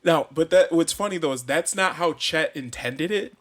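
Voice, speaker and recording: A man's voice: fairly high pitch, expressive, moderate pace, slight background noise. Laid-back man co-hosting a podcast. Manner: laid-back, speculative, swearing. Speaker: podcast co-host. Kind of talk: casual chat.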